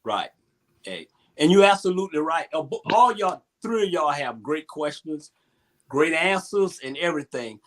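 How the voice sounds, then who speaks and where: A man speaking in an earnest, halting way on an emotional panel talk show, repeating himself as he tells a story. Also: on the high side, sing-song. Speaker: youth basketball coach, co-host.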